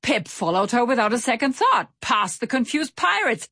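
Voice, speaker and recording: A woman reading a children's storybook aloud in an expressive, animated way. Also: a little high, moderate pace, dry recording, studio quality. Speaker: narrator. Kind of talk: storybook narration.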